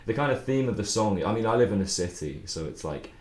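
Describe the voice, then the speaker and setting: A young songwriter streaming his writing process speaks fast and animatedly in a lowish voice. He chats loosely, rambling, swearing, and laughing often. The audio is reverberant with a slight hiss or hum.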